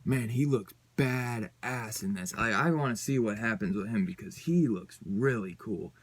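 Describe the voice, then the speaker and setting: A man's voice: fairly low pitch, normal speed, husky. A man giving a casual comic book review on his channel, rambling and loose, with lots of fillers and some swearing.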